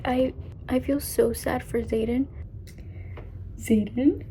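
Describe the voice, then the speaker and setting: Young woman, casual vlog chat, gushing fan, half-whispered asides, slightly high voice, faint background noise. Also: fairly even intonation, takes it slowly, rough recording. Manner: gushing, chatty fan talk, often hushed and whispery. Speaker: book vlogger.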